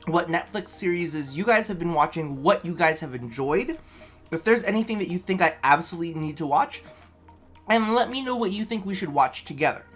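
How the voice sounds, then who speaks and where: A man's voice: fairly high pitch, fairly bright tone. A man vlogging casually to camera from his apartment, a little tipsy, rambling, chatty and swearing freely. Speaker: vlogger host.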